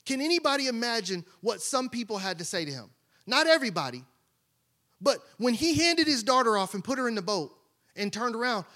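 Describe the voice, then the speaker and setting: A male pastor preaching a sermon, asking the congregation rhetorical questions and dropping to a hush for emphasis. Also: very high voice, big pitch swings, brisk.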